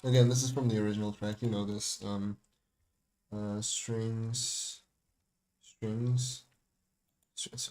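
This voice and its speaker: Speaking slowly with frequent pauses, this young music producer has a fairly low, level voice. He wanders casually through a livestream walkthrough of his remix, full of fillers, false starts and laughter, over faint background music.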